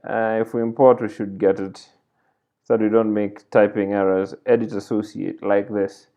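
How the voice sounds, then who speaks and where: A man's voice: fairly low pitch, flat delivery, normal speed, highs cut off. A man teaching a coding tutorial over a screen recording, thinking aloud as he types and correcting himself along the way. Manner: thinks aloud while typing, self-correcting. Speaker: programming tutor.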